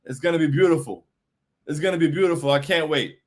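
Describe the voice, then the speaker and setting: A man's voice: on the high side, fast talker. A man hosting a postgame fan stream, reading chat messages aloud and reacting in a hyped, emphatic voice that repeats lines for effect.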